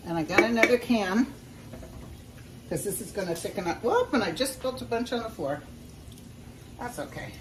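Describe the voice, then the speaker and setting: A woman's voice: mid-range voice, animated, fairly quick. Woman home cook for a casual cooking vlog, folksy and chatty with viewers, recorded off-mic in an echoey kitchen with faint noise. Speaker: home cook showing a recipe. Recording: roomy sound from a distance.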